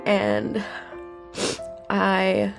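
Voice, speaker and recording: A woman voicing a devoted young woman saying goodbye to her love, slow and halting, with a gravelly edge in her higher voice. Soft music drifts behind. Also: big pitch swings, full character voice. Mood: loving, tearful. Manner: slow, halting, emotional confession. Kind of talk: in-character speech in a tabletop game.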